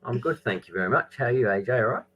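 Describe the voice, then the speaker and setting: A man's voice: medium pitch, expressive, racing, a bit bright, husky, poor audio. A man from South Australia, a musician guest, chatting casually and easily over a video call. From Adelaide, South Australia. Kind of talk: casual interview chat.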